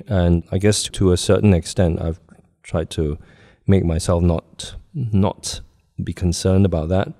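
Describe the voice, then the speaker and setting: A man's voice: low-pitched, dark tone. An older man from Singapore, speaking with a lightly British-tinted international English accent as an interview guest, earnest and reflective, with small laughs between thoughts. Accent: neutral international English, slight British tint. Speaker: guest actor. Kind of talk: casual interview chat.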